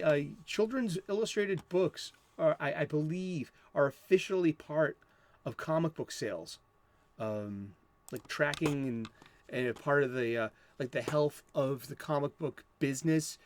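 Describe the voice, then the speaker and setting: A man's voice: fairly high pitch, expressive, measured pace, darkish tone. A man from the United States hosting a comic book show, talking in a rambling, profane, self-interrupting way. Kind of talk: casual rambling chat.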